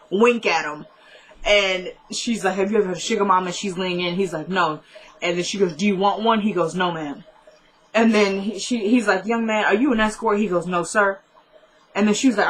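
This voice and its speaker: A young woman casually retelling a TV drama episode, quoting the characters' lines in quick back-and-forth and laughing at her own asides. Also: medium pitch, fairly bright tone, poor audio. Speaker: TV episode recapper.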